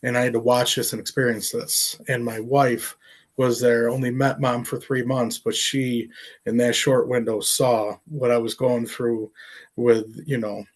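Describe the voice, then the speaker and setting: A middle-aged man, an artist, telling a personal story in an interview, earnest and emotional, halting with fillers. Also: mid-range voice, little pitch movement. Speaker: artist and professor.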